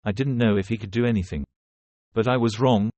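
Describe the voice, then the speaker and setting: A man's voice: fairly low pitch, a little fast, a little mellow, no room sound, natural voice. A man voicing an earnest, worried male general who is grateful to his savior, in a storybook recap.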